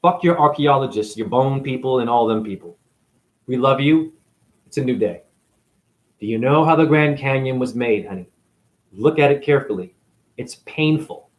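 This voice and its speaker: A man from New England giving a profane, sarcastic monologue to camera, swinging between loud outbursts and near-whispers. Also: mid-range voice, lively intonation, normal speed, long pauses. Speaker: spiritual video host.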